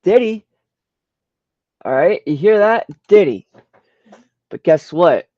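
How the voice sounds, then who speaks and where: A man casually talking through a screen-share, slangy and profane, reacting with loud disbelief to what he finds. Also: on the high side, expressive, normal speed, dry recording. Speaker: vlogger browsing trending searches. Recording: dull lo-fi dry sound.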